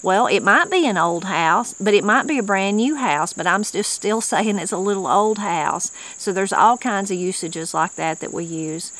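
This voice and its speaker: A woman's voice: mid-range voice, moderate pace, hardly any pauses, a bit bright, no room sound, low-quality recording. A woman with an Appalachian accent, hosting and explaining regional words in a folksy, conversational way, now and then reading dictionary entries aloud. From Appalachia, western North Carolina. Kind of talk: casual explanatory talk.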